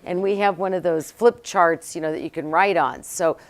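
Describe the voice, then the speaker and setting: Lowish-voiced woman telling a story. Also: moderate pace. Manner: animated storyteller, acts out quotes. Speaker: company co-founder, interview guest. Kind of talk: conversational storytelling.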